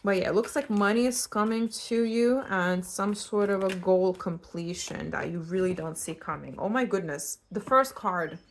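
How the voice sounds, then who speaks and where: A young woman from Eastern Europe giving a casual pick-a-card tarot reading, chatty and animated and prone to tangents. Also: medium pitch, normal speed, few pauses, slight background noise. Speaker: tarot reader.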